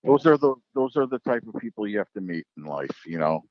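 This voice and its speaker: Drag racing announcer, male, low voice, animated yarn-spinner, dry and slightly muffled podcast audio. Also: a little fast. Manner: animated storyteller acting out quoted voices. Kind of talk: casual podcast storytelling.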